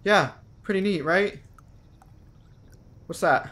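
A man's voice: mid-range voice, moderate pace, pauses often, fairly bright tone, slight background noise. A young man giving horror game commentary, jumpy and slangy, yelping when startled and talking back to the game. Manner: slangy, keeps saying dude and bro. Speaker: gaming video host.

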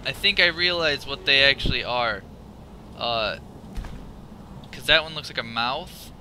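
A man giving live gameplay commentary, profane and excitable, thinking out loud and yelping at scares, with loud game sound under his voice. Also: medium pitch, a little slow, slight background noise. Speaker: let's play gamer.

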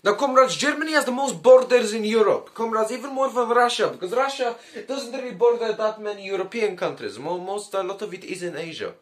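A man's voice: sits high, animated, brisk, hardly any pauses, fairly bright tone. A man hosting a comedic history video in a mock communist commander persona. He swears freely and keeps calling the audience comrades. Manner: crude, swears often, calls the audience comrades.

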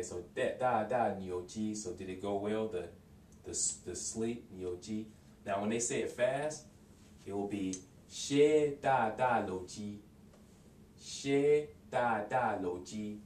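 A man giving a casual video language lesson, hesitant with many fillers and restarts, repeating phrases slowly for practice. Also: lowish voice, a little mellow. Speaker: language learner teaching lessons. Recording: roomy, distant home recording with faint hiss.

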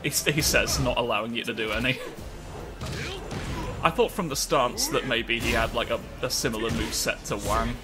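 A man giving casual gameplay commentary as a let's play host, excitable and joking, swearing and laughing often. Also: medium pitch, normal speed. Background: game music.

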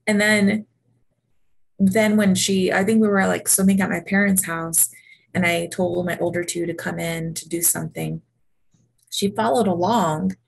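A woman in her thirties co-hosting a casual podcast, telling animated stories about her kids and acting out their voices. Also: mid-range voice, normal speed, low-quality recording. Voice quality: husky, gravelly. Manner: animated storytelling, acts out her kids' voices. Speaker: podcast co-host. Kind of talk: casual chat.

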